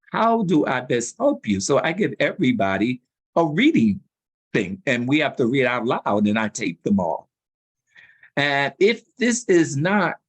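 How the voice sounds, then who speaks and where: A man telling stories as a guest in a sit-down interview, animated and slangy. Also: medium pitch, no echo. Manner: animated storyteller with street slang. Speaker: public relations consultant, interview guest.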